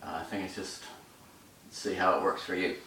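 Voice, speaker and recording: A man's voice: deep voice, flat delivery, a bit bright, roomy sound, distant mic, slight background noise, poor audio. Breathless man coaching a stretch. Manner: talks while holding stretches, pausing and breathing hard. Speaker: stretching instructor. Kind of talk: instructional demonstration.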